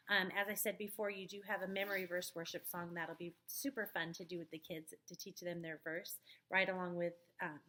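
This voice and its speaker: A woman's voice: lowish voice, sharp tone. A woman who leads a children's ministry talks teachers through a lesson plan in a casual briefing video recorded at home. She explains it step by step in a friendly way, with many ums. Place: at home, dog nearby. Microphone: webcam or computer mic.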